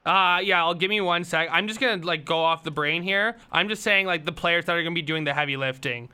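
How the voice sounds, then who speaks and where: A man co-hosting a sports podcast who leads the topics, quick and joking in casual chat. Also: on the high side, pushed and bright, smooth. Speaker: podcast co-host.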